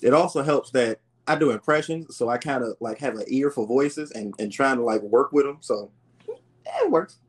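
Podcast host, male, teasing and slangy, mid pitch with a lively, swinging delivery. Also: moderate pace, slightly rough. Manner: teasing, laughs often, animated banter; loose slangy talk. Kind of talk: casual chat.

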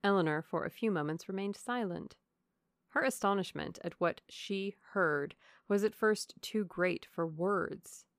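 A woman narrating a classic novel aloud in steady storytelling, on a close microphone. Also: mid-range voice, measured pace, no room sound. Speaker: audiobook narrator.

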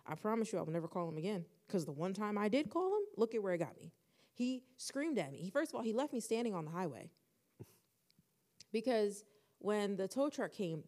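A young woman co-hosting a podcast, telling a personal story in casual chat and acting out the dialogue with lively shifts. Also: mid-range voice, fairly quick. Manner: animated, acts out quoted dialogue. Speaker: podcast co-host.

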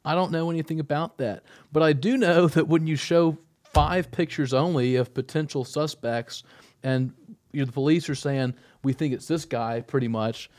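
A man's voice: on the high side, a little mellow. A young man co-hosting a podcast, joking and rambling in casual chat. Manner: joking, rambling, quick to laugh. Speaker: podcast co-host.

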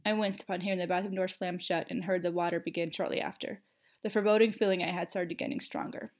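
A woman narrating a first-person story in an expressive, steady reading. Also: fairly low pitch, fast.

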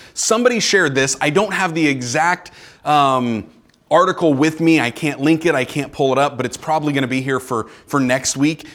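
A man in his forties, a pastor giving a casual, conversational sermon in a church with joking asides to the congregation. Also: a little high. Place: church sanctuary.

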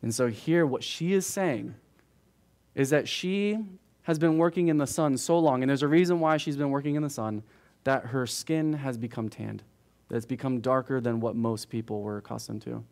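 A man's voice: mid-range voice, a little mellow. Man teaching the Bible conversationally. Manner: conversational, frequent "right?" asides to the room. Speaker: pastor. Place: church.

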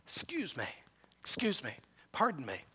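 A man's voice: a little high, wildly swooping pitch, normal speed, husky, pitched below the performer's own voice, exaggerated voice. A man voicing a desperate sick woman who whispers hopefully to herself as she pushes through a crowd. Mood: hushed pleading. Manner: hushed, pleading whisper.

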